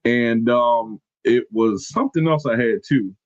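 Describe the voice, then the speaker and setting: A man's voice: medium pitch, unhurried, no room sound, dull audio. A man co-hosting a wrestling podcast in casual, slangy chat, laid-back and sometimes searching for names. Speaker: podcast co-host.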